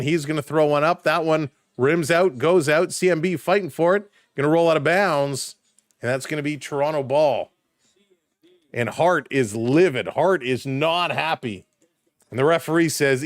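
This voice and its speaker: A man doing live play-by-play commentary for a stream, calling plays quickly and chatting with viewers in between. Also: fairly high pitch, no room sound, studio quality. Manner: rapid play calls, rising excitement on big plays, chatting with viewers.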